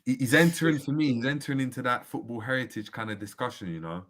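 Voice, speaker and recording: A man's voice: medium pitch, quick pace. A man hosting a casual football chat show, telling stories in slang and reading out viewer comments. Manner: animated storytelling, slangy, reads out viewer comments. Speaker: host.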